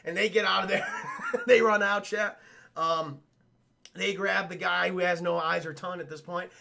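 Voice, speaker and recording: A man recaps a film live for his stream chat in a casual, animated way, full of profanity. His high voice has a gravelly edge and a bright, forceful tone, and he speaks at a moderate pace.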